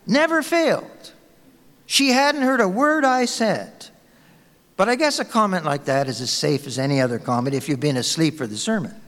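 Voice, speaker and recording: Storytelling male pastor, lively pitch. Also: a little fast, long reverb tail. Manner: storytelling, conversational, warm anecdotes. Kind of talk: sermon.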